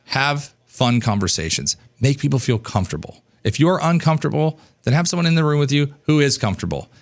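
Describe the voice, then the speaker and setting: An animated man in his thirties coaches an audience in a loose, conversational way. His pitch sits in the middle of the usual male range, and he breaks into livelier, higher-pitched voices when he acts out how people talk. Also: fairly quick. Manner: animated, acts out dialogue in a higher voice, casual swearing. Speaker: business coach. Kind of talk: energetic casual teaching.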